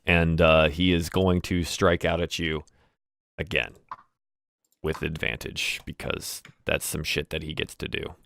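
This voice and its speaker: A man acting as game master, narrating a tabletop game over a voice call in a relaxed, casual way. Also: very deep voice, a little slow, gravelly, slight background noise.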